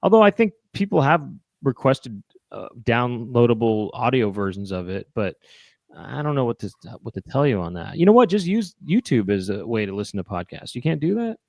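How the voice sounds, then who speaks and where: A man's voice: medium pitch, big pitch swings, moderate pace, vocal fry, darkish tone, dry recording. Rambling man hosting a live chat show. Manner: rambling, laughing, lots of you-knows. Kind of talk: casual chat.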